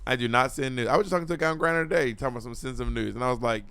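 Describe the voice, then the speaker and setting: A man's voice: medium pitch, very fast, a bit bright, smooth, no room sound. A man co-hosting a podcast, chatting in a campy, teasing way. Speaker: podcast co-host. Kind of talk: casual chat.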